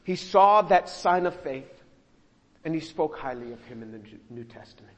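A male pastor giving a sermon, expressive and acting out the scripture he reads. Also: fairly high pitch, normal speed, slight background noise. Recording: long hall reverb.

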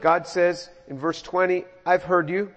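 Middle-aged guy preaching, kinda high voice, chatty and repeats words, long echo off a big room. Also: measured pace. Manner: conversational, repeats words, animated asides. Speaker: pastor. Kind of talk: verse-by-verse sermon. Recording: muffled sound in a reverberant hall.

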